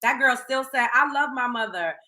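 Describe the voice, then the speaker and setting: A woman hosting a casual reaction commentary show, talking in a blunt, profane, animated way. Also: high voice, moderate pace.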